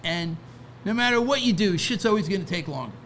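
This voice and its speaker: Gravelly man rambling in conversation. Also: sits high, lively intonation, a little fast, a bit bright, slight background noise. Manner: rambling, many restarts and "right?" asides. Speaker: guest, record label founder. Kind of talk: casual interview talk.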